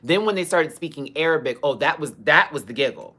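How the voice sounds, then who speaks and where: A young woman hosting a live Q&A livestream tells a casual story in a sassy, profane, dramatic way, breaking into bursts of laughter. Her voice is low and a bit bright with a slight roughness, and she talks briskly with lively intonation.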